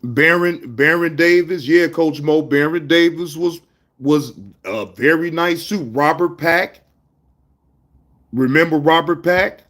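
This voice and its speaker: A man with a fairly high voice hosts a casual livestream and talks straight to his chat. He is animated and loose with slang, calling out viewers by name between stories. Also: slow. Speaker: livestream host.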